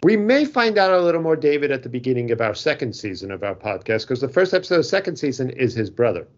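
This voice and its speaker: A man co-hosting a casual podcast, talking in an animated, jokey way and often trailing off mid-sentence. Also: medium pitch, quick pace. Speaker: podcast co-host. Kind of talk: casual chat. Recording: dull lo-fi sound.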